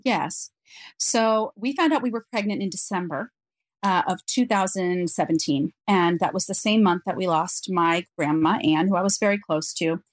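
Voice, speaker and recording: A woman guest on an interview podcast, telling a personal story in an earnest, reflective way with frequent pauses. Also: lowish voice, no room sound.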